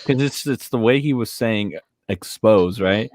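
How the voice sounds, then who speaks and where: A man's voice: fairly low pitch, a little slow, a little mellow. A man co-hosting a livestream, chatting crudely and casually with a lot of swearing and some hesitation. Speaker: stream co-host.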